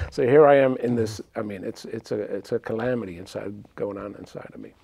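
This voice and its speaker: A man's voice: fairly low pitch, fairly quick, creaky, warm tone, husky. A man, a talk-show guest animatedly telling a childhood story and acting out the voices. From New York City. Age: 60s.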